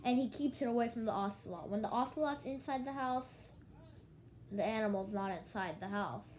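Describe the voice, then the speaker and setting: A woman's voice: a little high, fairly quick, darkish tone, a little hiss or hum, low-quality recording. Sleepy young woman rambling casually. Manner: rambling, restarts, quotes others in dialogue. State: yawning, sleepy. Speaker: vlogger.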